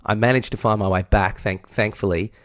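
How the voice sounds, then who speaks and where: A man's voice: on the low side, steady tone, brisk, a bit bright, no echo, studio quality. A man with an Australian accent, co-hosting a podcast and telling a long story in a candid, profane, self-deprecating way. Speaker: podcast co-host. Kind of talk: casual chat, storytelling.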